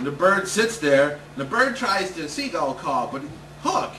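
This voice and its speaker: Comedian guy on stage telling a wild story, fairly high voice, echoey room, mic a bit far. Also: measured pace, hardly any pauses. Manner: animated, building excitement. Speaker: stand-up comedian. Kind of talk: comic storytelling. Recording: roomy stage sound, distant mic, noisy.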